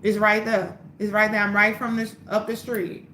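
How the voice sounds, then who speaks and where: A woman from New Orleans with a matching accent hosts a casual phone or webcam livestream selling herbal teas, answering viewer questions in a blunt, profane, preachy way and repeating phrases for emphasis. Her medium-pitched voice is flat, bright and pushed, at normal speed, in an echoey room with a little hiss or hum.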